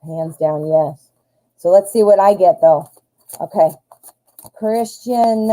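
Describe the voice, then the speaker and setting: Mellow-voiced woman doing tarot readings on a live stream, upbeat and chatty, talks right at the viewers. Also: mid-range voice, low-quality recording. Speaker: tarot reader, live show host.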